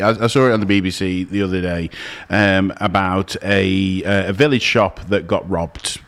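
A man co-hosting a radio show, telling a story with lots of laughter and restarts. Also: sits low. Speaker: radio co-host. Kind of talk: casual radio banter.

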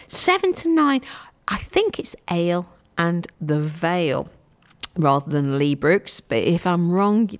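Woman radio host, lively rambling chat. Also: mid-range voice. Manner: chatty, rambling, self-correcting. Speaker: local radio presenter.

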